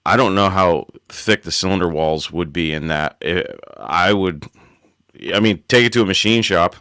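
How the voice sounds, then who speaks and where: A man with a very low voice hosts a casual chat, relaxed and quick to laugh. His voice is recorded close and dry, with no room sound. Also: smooth, no room sound. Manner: relaxed, laughs easily, short replies. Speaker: podcast host.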